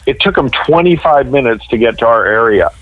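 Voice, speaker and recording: A man's voice: medium pitch, lively intonation, a little fast, no room sound, narrow, tinny audio. A young adult man from Northern California, a guest writer telling stories animatedly on a podcast, acting out the voices of people he quotes. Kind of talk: casual podcast chat.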